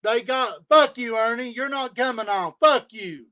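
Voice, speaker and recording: A man with a very high, sharp voice rants on a livestream. He swears constantly and circles back to the same insults in a heated stream of talk. The tone is cutting and tense. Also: normal speed, highs cut off. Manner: profane, heated, repetitive insults. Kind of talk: angry livestream rant. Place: home studio.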